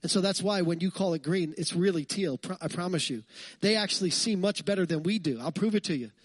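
A man pastor preaching a lively, conversational sermon, full of jokes and asides to the congregation. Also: high-pitched, fairly quick, no room sound.

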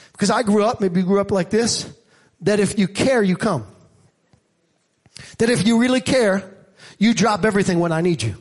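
A man preaching a sermon as a church pastor, moving from quiet reflection to shouted, rising passages. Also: high-pitched.

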